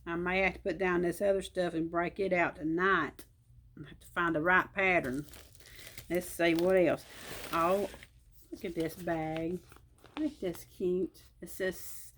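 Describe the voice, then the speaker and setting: A woman's voice: on the low side, a little hiss or hum. A woman, chatting casually while opening gifts on her crochet vlog, emotional and folksy in her speech. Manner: warm, emotional, slow and drawling with folksy grammar. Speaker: crochet vlogger. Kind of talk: casual unboxing chat.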